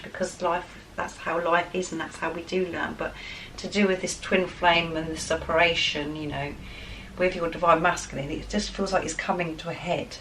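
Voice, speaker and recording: A woman giving a spiritual tarot guidance reading, excitable and enthusiastic as she talks straight to her viewers. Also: fairly low pitch, moderate pace. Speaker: tarot card reader. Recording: distant mic with faint background noise.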